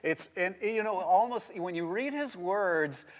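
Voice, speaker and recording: A middle-aged man, a pastor, teaching a marriage devotional in a playful, animated way and laughing as he goes. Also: high voice, unhurried. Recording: long reverb.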